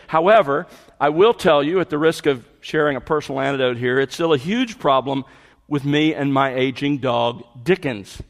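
A man's voice: fairly high pitch, fairly bright tone. A middle-aged man preaching a sermon, explaining scripture and building to emphatic peaks. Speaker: pastor. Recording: long hall reverb.

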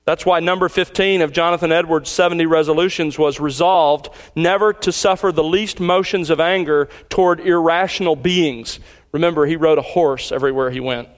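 A man with a high voice delivers a sermon in a measured preaching manner. He slows down to read quotations and puts direct questions to his listeners. He sounds middle-aged. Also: steady tone. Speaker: pastor.

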